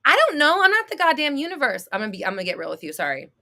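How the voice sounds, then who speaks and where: A woman coaching her live-stream audience on manifesting, blunt and sassy and full of swearing. Her voice is bright and forceful, and she sometimes bursts into a shout before laughing it off. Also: sits high, huge pitch swings, very fast, vocal fry. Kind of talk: live-stream advice talk.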